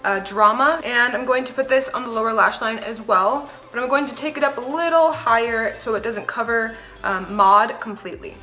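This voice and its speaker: A young woman with a slightly high voice talks through a makeup tutorial step by step. She sounds chatty and easygoing, with soft music playing quietly behind her. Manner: chatty step-by-step explaining with light laughs. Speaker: beauty vlogger. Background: background music.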